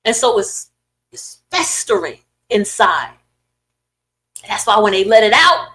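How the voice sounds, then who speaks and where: A middle-aged woman hosting a podcast, ranting in casual, profane commentary with sudden loud swings and a dry throat. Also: mid-range voice, very animated, measured pace, pauses often, low-quality recording. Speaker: podcast host.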